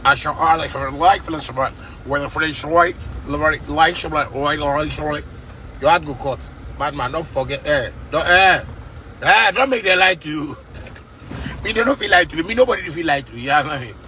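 A Ghanaian musician vlogger with a Ghanaian Pidgin English accent rants casually to camera from inside a car, using fiery, repetitive street talk. His voice is a little high and sharp, at normal speed, with slight background noise.

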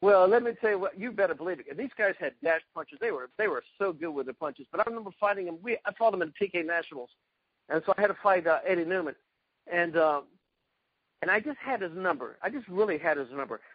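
A man from South Carolina with a high, husky voice tells stories from his years as a karate fighter, acting out the people he quotes. The sound is dry and dull, close and lo-fi. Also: expressive, fast, no echo. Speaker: guest, retired karate champion. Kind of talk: storytelling in a casual interview.

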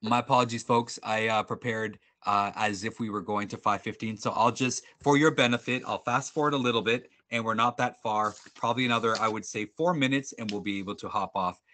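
A man presenting a sales webinar over a video call, upbeat and animated, joking with attendees and restarting his sentences often. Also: lowish voice, a little fast, few pauses. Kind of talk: energetic workshop presenting.

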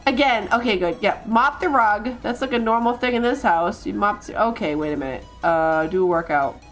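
A woman's voice: mid-range voice, animated, normal speed, soft background music. A woman streaming a life-simulation game, chatting and bossing her characters around with lots of laughs and stumbling repeats. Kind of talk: live gameplay commentary.

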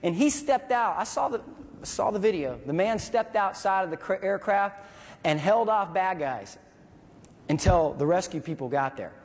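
A man with a fairly high voice delivers a vivid story in a speech, acting out sounds and voices. His voice carries a long reverb, as if in a large hall. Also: lively intonation, normal speed. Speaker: veteran speaker.

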